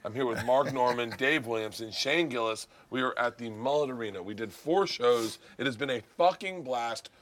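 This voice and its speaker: A man hosting a casual cooking chat, excitable and swearing freely while he makes drinks and breakfast. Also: medium pitch, moderate pace, a little hiss or hum. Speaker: host. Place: indoor kitchen set at an arena.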